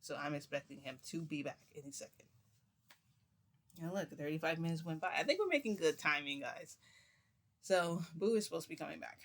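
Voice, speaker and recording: A man's voice: on the high side, expressive, fairly quick, a bit bright. A man casually telling a story, rambling with fillers and acting out voices.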